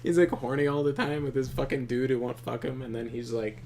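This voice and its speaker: A man's voice: mid-range voice, flat delivery, brisk, creaky, darkish tone, a little hiss or hum. A man hosting a co-op gameplay video, telling stories in a rambling, profane way and laughing often. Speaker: co-op gameplay host. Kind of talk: casual storytelling chat.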